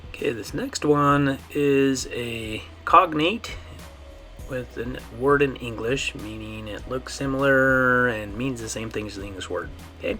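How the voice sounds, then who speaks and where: A man teaching a pronunciation lesson, saying each model word slowly and checking in often with the class. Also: medium pitch, bright, forceful tone, faint music behind. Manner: slow, drawn-out model words with frequent "okay?" checks. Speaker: Spanish teacher.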